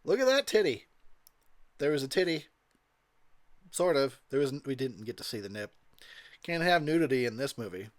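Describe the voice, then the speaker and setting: A man's voice: medium pitch, big pitch swings, fairly quick, dry recording. A tipsy man giving rambling, crude commentary over a movie, laughing often. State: tipsy from drinking. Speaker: commentary host.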